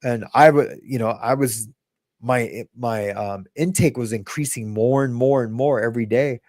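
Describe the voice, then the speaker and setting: A man's voice: mid-range voice, normal speed, a little mellow, no echo. Dry-voiced man telling his story. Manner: rambling, with frequent restarts and reenacted quotes. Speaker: podcast host sharing his recovery story. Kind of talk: casual storytelling.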